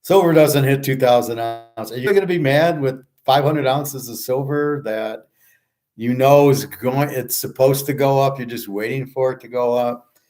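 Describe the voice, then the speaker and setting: A show host and handicapper delivers a casual monologue, ranting bluntly with lots of swearing, scoffing, rambling, and restarting his sentences. His voice is mid-range and darkish, at a moderate pace.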